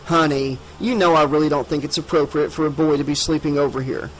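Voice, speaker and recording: A man's voice: on the high side, steady tone, fast, a little hiss or hum, close to an everyday voice, low-quality recording. A man voicing a protective middle-aged father with a stiff, polite manner, in an audiobook. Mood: firm.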